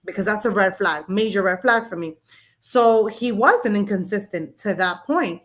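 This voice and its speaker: A woman co-hosting a podcast, telling personal stories in a blunt, animated way with casual swearing. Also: medium pitch, normal speed. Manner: blunt, profane, animated storyteller. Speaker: podcast co-host. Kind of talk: candid casual chat.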